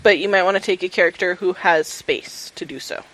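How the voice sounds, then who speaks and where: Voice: mid-range voice, a little fast, fairly bright tone, no room sound, poor audio. A podcast co-host chatting casually and playfully about a game. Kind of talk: casual gaming podcast chat.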